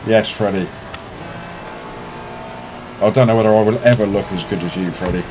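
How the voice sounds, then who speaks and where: Male sim racing streamer, lower voice, playful and jumpy banter, game engine noise under him. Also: moderate pace. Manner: excitable, self-mocking banter. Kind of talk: live gameplay commentary, chatting with viewers.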